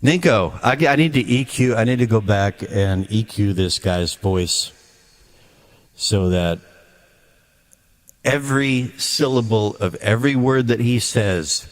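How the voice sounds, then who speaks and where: A man's voice: on the low side, lively intonation, slow pace, pauses often. A man speaking a blunt, emphatic ranting monologue to his viewer as a video creator.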